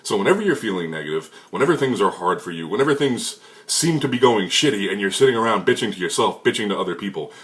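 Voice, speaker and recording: Young male fitness coach, slightly low voice, swears freely, punchy motivational delivery. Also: lively intonation, quick pace, fairly bright tone. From United States. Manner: blunt, profane, emphatic. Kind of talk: motivational talk to camera.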